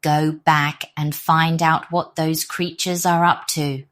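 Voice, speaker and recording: A woman voicing a gruff, bossy male robber leader in a storybook, growling out orders. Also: low-pitched, little pitch movement, slow, a bit bright. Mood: ordering. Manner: growling and commanding.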